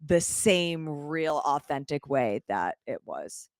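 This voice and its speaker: A woman with a very low, smooth voice co-hosts a podcast. She tells her stories expressively in casual chat. The sound is dry and close. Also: sing-song, slow pace, dry recording. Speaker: podcast co-host.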